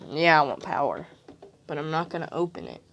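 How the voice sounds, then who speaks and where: Woman doing a stubborn young ninja boy, bullied, quick flat delivery, low voice. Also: slight background noise.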